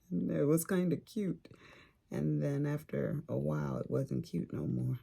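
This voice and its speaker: Gravelly older woman chatting slowly. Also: sits low, dark tone. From California. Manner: chatty storyteller, informal grammar. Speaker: crafting vlogger. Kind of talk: casual chat while crafting.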